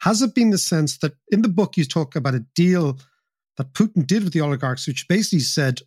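A male podcast host leads an interview with probing questions that often stall and restart. His voice sits a little higher than most men's, and the sound is close and dry. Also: expressive, fairly quick, a little mellow, breathy edge, no echo.

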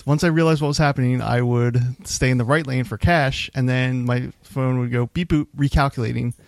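A man's voice: medium pitch, fairly even intonation, brisk, creaky, no echo. A man co-hosting a casual podcast, telling stories with lots of "like" fillers. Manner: storytelling, filler-heavy with frequent "like". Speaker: podcast co-host. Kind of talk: casual chat.

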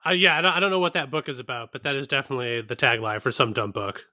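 A man's voice: medium pitch, racing, pushed and bright. A man co-hosting a casual podcast, wry and profane, laughing often. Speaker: podcast co-host. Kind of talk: casual chat.

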